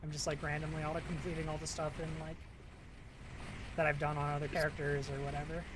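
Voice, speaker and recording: Soft-spoken man on a noisy mic. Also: a little high, completely flat delivery, fast talker. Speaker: streamer, co-player. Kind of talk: casual gaming stream chat.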